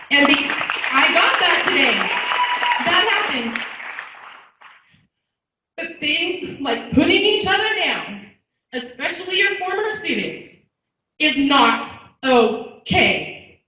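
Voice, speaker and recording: A woman's voice: sits high, bright, forceful tone, a little hiss or hum. A woman defending herself firmly during public comment at a town meeting. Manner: defensive, firm. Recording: dull, very echoey distant sound.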